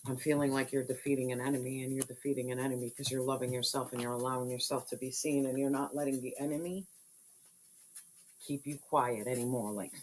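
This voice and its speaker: A woman's voice: very deep voice, steady tone, fast talker, a little mellow, slight background noise, rough recording. A woman giving a spiritual tarot reading, talking bluntly and passionately with lots of slang and swearing. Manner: blunt, slangy and profane, fiery preaching tone. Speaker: tarot reader.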